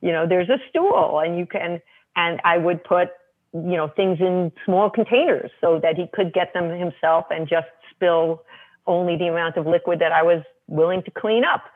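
A woman's voice: lowish voice, moderate pace. A woman guest author telling parenting anecdotes in casual chat, full of "you know" and small restarts. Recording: tinny phone line.

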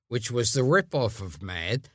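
Bright, lively, slow-talking male host. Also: mid-range voice, dry recording, studio quality. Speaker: podcast co-host.

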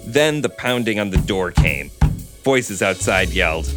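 A man with a fairly low voice reads a novel aloud with lively, animated inflection, then talks it over with relaxed ease. Music plays softly behind him. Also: normal speed. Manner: relaxed, chuckles between remarks. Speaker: podcast co-host and reader. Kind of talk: reading a novel aloud and chatting about it.

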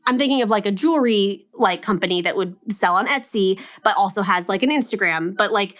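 A woman's voice: mid-range voice, brisk, fairly bright tone. A young adult woman co-hosting a podcast, talking in a casual, rambling way full of filler words. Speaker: podcast co-host. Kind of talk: casual chat.

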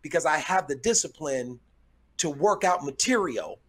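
A middle-aged comedian, a guest on a podcast, who tells stories in a measured way, often restarting as he gathers his thoughts. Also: fairly high pitch, lively intonation, fairly bright tone. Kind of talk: conversational storytelling.

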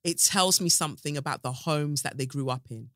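A woman's voice: low voice, brisk, a bit bright, no room sound, clean studio sound. A woman hosting a podcast, giving casual commentary in an outspoken, sarcastic way with muttered asides. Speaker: podcast host.

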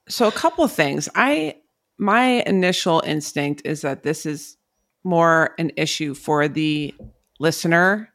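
A woman doctor co-hosting a podcast, giving advice in a thoughtful, measured way. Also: low-pitched, gravelly, a bit bright, no echo, clean studio sound. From Long Island, New York. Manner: thoughtful, measured, hedging with "um" and "you know". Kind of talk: casual podcast advice chat.

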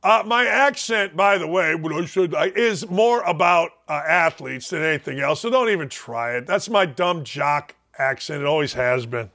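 Loud, mocking older sports talk host. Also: male voice, animated, normal speed, few pauses. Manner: loud, mocking, dips low and drawn out for emphasis. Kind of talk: opinionated sports talk rant.

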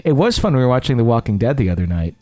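A man's voice: medium pitch, very animated, racing, darkish tone, no echo. A man hosting a podcast, reading listener stories aloud and bantering in a joking, teasing way. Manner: jokey, teasing. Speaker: podcast host.

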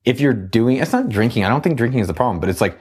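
A man's voice: mid-range voice, lively intonation, racing, a little mellow, breathy edge. A man hosting a casual podcast conversation, talking loosely with lots of fillers. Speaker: podcast host.

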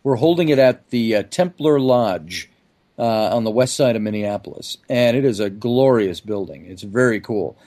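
A man's voice: fairly low pitch, expressive, normal speed, warm tone. A man speaking as a guest in a casual podcast interview, chatty and promotional, stringing together long lists. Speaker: guest, event organizer.

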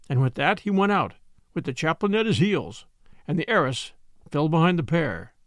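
Man narrating, expressive storytelling, high voice, dry close sound. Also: normal speed, no echo. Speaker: audiobook narrator. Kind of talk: scripted narration.

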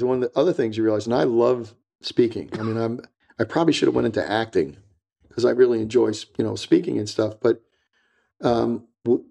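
A retired DEA agent, appearing as a guest in a casual interview, tells stories in a rambling, blunt way, repeating himself and acting out other people's words. His medium-pitched voice is mellow with vocal fry.

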